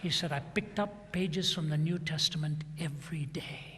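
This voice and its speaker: A man's voice: on the high side, normal speed, noisy background. A middle-aged man preaching a sermon, retelling a story and acting out both sides of a conversation. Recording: long hall reverb.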